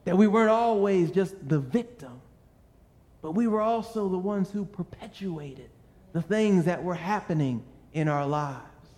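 A man with a fairly high voice preaches at an unhurried pace. He tells his stories earnestly and keeps asking rhetorical questions. His voice echoes with a long reverb, as in a large hall. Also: animated, a little mellow. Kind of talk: sermon.

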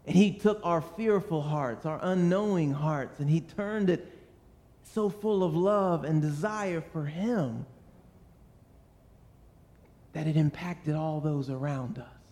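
A man with a fairly high voice preaches at an unhurried pace. He tells his stories earnestly and keeps asking rhetorical questions. His voice echoes with a long reverb, as in a large hall. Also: warm tone. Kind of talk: sermon.

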